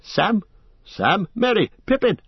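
A man's voice: sits high, sing-song, slow, slightly rough, no echo, highs cut off, pitched above the performer's own voice, full character voice. A man voicing a frightened young male hobbit, calling out frantically through fog for his lost friends. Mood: frantic shouting. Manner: shouting frantically into the distance.

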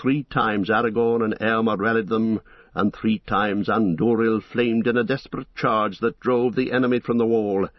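A man with a low voice reads a story aloud, steady and measured. The recording sounds dull and lo-fi, with a dry, close sound and no room echo. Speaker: narrator. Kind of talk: storybook reading.

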